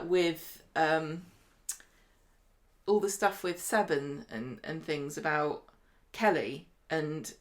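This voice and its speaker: Female podcast co-host, lowish voice, playful and jokey in casual soap chat. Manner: quick jokey asides, playful.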